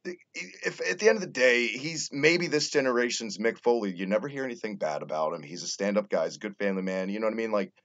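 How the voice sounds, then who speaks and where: A man hosting a casual podcast, talking in an animated way and swearing freely. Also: fairly low pitch, fast talker, hardly any pauses. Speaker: podcast host. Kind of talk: casual wrestling podcast chat. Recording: dull lo-fi audio.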